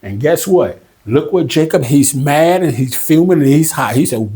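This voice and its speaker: Male Bible teacher, slightly high voice, casual and emphatic, slow over the verses. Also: expressive, warm tone, breathy edge. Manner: emphatic and conversational, reads scripture slowly. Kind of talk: casual Bible study commentary.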